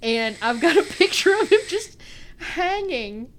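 Lively, laughing woman co-host. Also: high voice, a little slow. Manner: animated storytelling, breaks into laughter. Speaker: podcast co-host. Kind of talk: casual chat.

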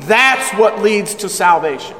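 A high, bright-voiced middle-aged man preaching with lively humor and emphasis, slowing down for scripture. His voice carries with a long reverb through a church hall. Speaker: pastor. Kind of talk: sermon.

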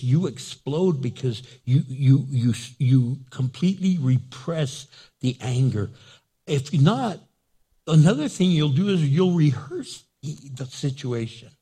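A man preaching a sermon as pastor, acting out quick dialogues and reading scripture aloud. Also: on the high side, breathy edge. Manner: animated, acts out little dialogues for laughs.

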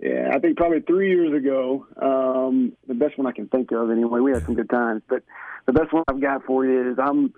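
Young male coach calling in, relaxed and chatty, tinny phone line. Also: mid-range voice, a little fast. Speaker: college basketball coach, guest. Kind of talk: phone-in radio interview.

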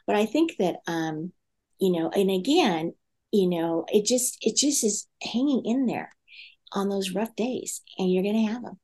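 A middle-aged woman with a lowish voice tells a story in conversation. She acts out both sides of an exchange and leans on plenty of fillers as she goes. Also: breathy edge. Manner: animated storyteller acting out dialogue, many fillers. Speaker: guest parenting speaker.

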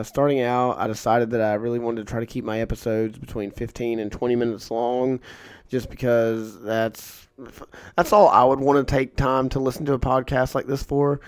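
Man, podcast host, rambling casual talk, smooth voice, dry sound. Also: medium pitch, a little mellow, no room sound. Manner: rambling, filler-heavy, frank. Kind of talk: casual storytelling monologue.

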